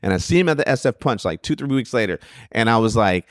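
A man's voice: medium pitch, lively intonation, fast, no echo, studio quality. A man, a stand-up comic, telling stories in casual podcast chat, rambling with lots of restarts and swearing. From Sacramento. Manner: rambling storytelling with frequent profanity and restarts.

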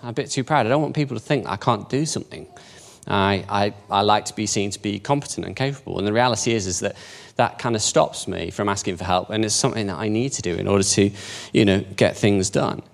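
A man's voice: lowish voice, fast, creaky. A man in his fifties giving an informal, conversational talk in a church, self-deprecating and asking the audience questions. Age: 50s. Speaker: church speaker.

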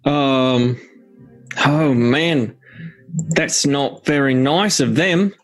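Slow, hesitant male tabletop player. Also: mid-range voice, soft background music. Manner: hesitant, halting speech. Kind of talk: casual tabletop game play.

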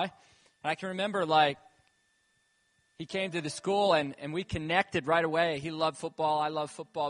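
A man's voice: a little high, fairly bright tone. Rambling man preaching in a reverberant hall. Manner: casual, rambling storytelling with many fillers. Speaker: church leader. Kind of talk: sermon testimony. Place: church hall. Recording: reverberant hall with music behind.

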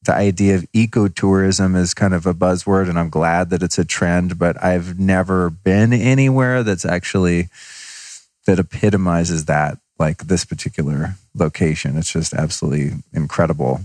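A man hosting a podcast, chatting casually with a guest and acting out his own past remarks in lively storytelling. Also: low-pitched, moderate pace, no echo. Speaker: podcast host. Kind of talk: casual interview chat. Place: on location at a resort.

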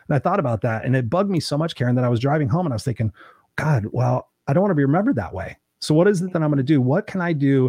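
A man's voice: medium pitch, a little mellow, slightly rough, no echo, studio quality. A middle-aged man hosting a podcast in casual interview chat, a brash storyteller who swears freely and acts out what people said. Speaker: podcast host.

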